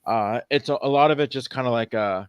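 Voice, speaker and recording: A man's voice: medium pitch, fairly quick, clean tone, no echo, studio quality. A man co-hosting a podcast in casual chat, rambling and hesitant, with frequent restarts and little laughs. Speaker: podcast co-host.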